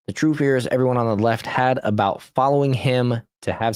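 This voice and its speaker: A man's voice: medium pitch, fairly quick, hardly any pauses, no room sound, clean studio sound. A man hosting a podcast, reading social media posts aloud in casual political commentary, laughing often and stumbling over and correcting his reading. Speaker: podcast host.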